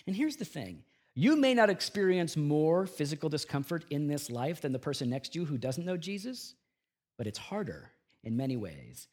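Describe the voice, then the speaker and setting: Pastor preaching with rising emphatic bursts. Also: male voice, a little high, big pitch swings, normal speed. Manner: swings from hushed earnest tones to loud emphatic bursts. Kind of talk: sermon. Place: church.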